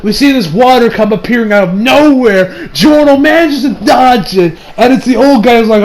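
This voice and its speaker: Man, high voice, casual recap, rambling, restarts, swears. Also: normal speed, hardly any pauses, rough recording. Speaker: anime reviewer.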